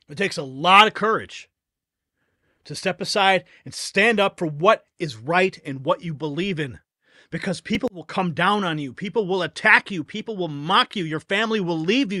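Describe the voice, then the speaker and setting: A man's voice: high-pitched, sharp tone, no echo, clean studio sound. A man hosting a live political news stream, talking fervently and emotionally over the clips he plays.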